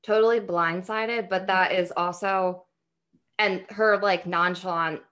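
A woman's voice: fairly low pitch, steady tone, slow, a bit bright. A young woman telling a family story in casual chat, rambling with restarts and frequent laughs. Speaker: podcast guest.

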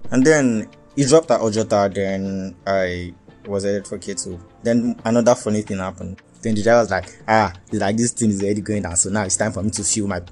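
A young man with a Nigerian accent telling a wild personal story in a lively, profane way, dropping into Pidgin and Yoruba. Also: fairly low pitch, a little fast, soft background music. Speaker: vlogger. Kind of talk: casual storytelling.

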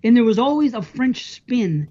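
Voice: medium pitch, big pitch swings, moderate pace, mellow. Rambling podcast host, lo-fi sound. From United States. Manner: rambling storyteller. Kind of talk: casual chat. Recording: dull lo-fi sound.

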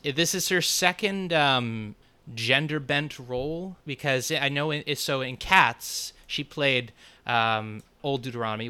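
A man's voice: medium pitch, sharp tone, clean tone. A man chatting casually as a podcast co-host reviewing a movie, wry and laughing often.

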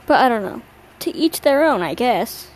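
Late at night, a young woman hosts a casual solo podcast, tired and yawning as she rambles in a slangy, self-mocking way. Her voice is a little high with big pitch swings and a moderate pace, and the audio is poor.

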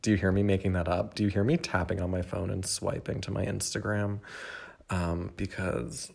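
A young man talks alone into the mic from his home, his voice sitting a little low for a man. He rambles candidly, peppering his thoughts with "like" and "um," and often turns to speak directly to whoever is listening. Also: little pitch movement, normal speed, creaky, darkish tone. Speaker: podcast host. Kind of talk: casual solo reflection.

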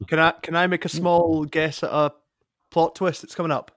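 A man co-hosting a podcast, amused, making slow casual remarks. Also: a little high, flat delivery, a bit bright, no echo, studio quality. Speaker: podcast co-host. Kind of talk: casual banter.

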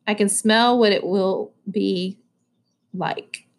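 A calm, fearless teenage boy from a farm crew, as a woman reading aloud puts him on, speaking plainly and matter-of-factly. His voice sits slightly lower and quieter than the narration. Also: slow, gravelly.

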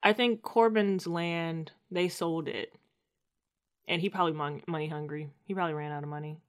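A woman in casual chat, co-hosting a TV show recap and acting out quotes in a slangy, animated way. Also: sits low, moderate pace, clean tone. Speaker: podcast co-host recapping a TV show.

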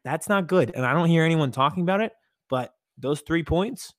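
A man co-hosting a casual sports podcast, talking in an animated, emphatic way. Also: a little high, moderate pace, no room sound, studio quality. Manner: animated, emphatic, catchphrase-prone. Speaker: podcast co-host.

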